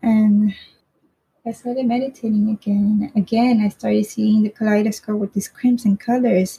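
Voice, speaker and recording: A woman's voice: medium pitch, level tone, moderate pace, warm tone, husky, poor audio. A woman casually telling a personal story in a rambling way, swearing freely and often asking "right?".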